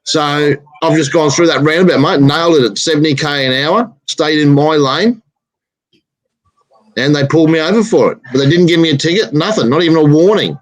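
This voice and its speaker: A man's voice: a little high, fairly quick, no room sound, rough recording. A man telling a blunt, swearing driving story in casual chat.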